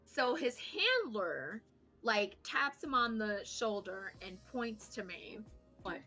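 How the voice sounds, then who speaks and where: A woman with a bright, crisp, fairly high voice tells a story on a podcast, lively, profane and self-mocking. Faint music plays behind her talk. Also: slow. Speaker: podcast co-host. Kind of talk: casual storytelling chat.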